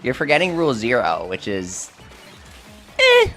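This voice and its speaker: Guy with the hiccups reading chat on stream, mid pitched, faint game music in the back. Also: expressive, normal speed, a bit bright. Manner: chatty, self-deprecating, answers chat questions. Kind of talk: casual live-stream chat reading viewer comments.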